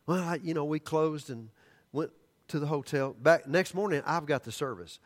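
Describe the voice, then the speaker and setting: An older man preaching a sermon, telling stories animatedly and then dropping to hushed, earnest tones. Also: on the high side, moderate pace. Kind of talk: sermon storytelling.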